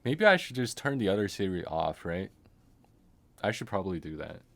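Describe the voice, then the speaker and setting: Very animated yet low-pitched and creaky, a game streamer talks at a moderate pace in casual commentary. He rambles, trailing off into muttering and chuckles to himself.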